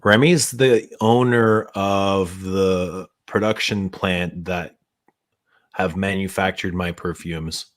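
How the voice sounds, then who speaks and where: A man's voice: low voice, fairly even intonation, takes it slowly. A man hosting a late-night livestream, talking in a laid-back, drawling way and laughing often. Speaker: perfume brand owner hosting a livestream.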